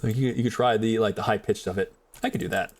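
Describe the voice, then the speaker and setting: A young streamer with a fairly low, slightly mellow voice talks quickly and ramblingly to his viewers into a desk mic. He is giving live commentary while playing a game.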